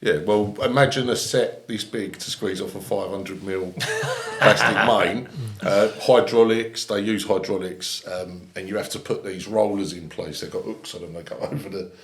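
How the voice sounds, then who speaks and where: A man, telling lively anecdotes as a podcast guest and laughing through his lines. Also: lowish voice, normal speed, hardly any pauses, echoey room. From England. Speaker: guest, ex-army comedian. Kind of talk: casual storytelling. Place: podcast studio.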